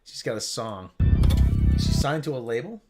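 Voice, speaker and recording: A man's voice: medium pitch, very animated, normal speed, loud music behind the voice. A man co-hosting a livestream in casual chat, rambling and joking with lots of restarts. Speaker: livestream co-host.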